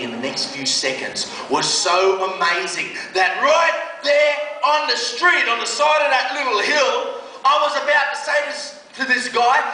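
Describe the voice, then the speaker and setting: Australian man giving a testimony, comic and lively, higher voice; distant mic in a big echoey room. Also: measured pace, a little hiss or hum. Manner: animated, slangy, comic. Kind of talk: storytelling talk.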